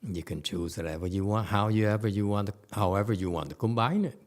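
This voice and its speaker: Deep-voiced man teaching a Buddhist sutra. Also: fairly quick. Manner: conversational, questions the audience.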